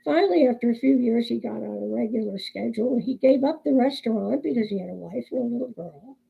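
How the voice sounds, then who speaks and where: A woman's voice: a little high, fast, gravelly, husky, phone-quality sound. A woman in her sixties chatting casually on her vlog, telling family jokes and laughing often. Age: 60s. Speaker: crochet vlogger. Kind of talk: casual chat and joke storytelling.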